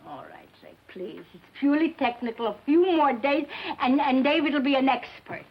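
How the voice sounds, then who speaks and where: A fussing, soothing housewife, always coaxing and placating. Her voice is high and breathy. It sits on a muffled, lo-fi old TV soundtrack. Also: animated, normal speed, exaggerated voice. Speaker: wife and homemaker in a sitcom. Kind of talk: 1950s TV sitcom acting. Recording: dull lo-fi 1950s TV sound.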